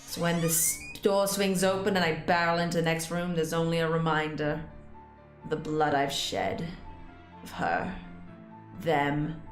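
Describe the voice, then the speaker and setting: A young woman with a lowish voice reads a story game aloud in a dramatic, expressive way. Her voice rings in a roomy space, and soft music plays under her. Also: normal speed. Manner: expressive, breaks into panicked rambling. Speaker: gaming channel host. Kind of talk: dramatic reading of a visual novel.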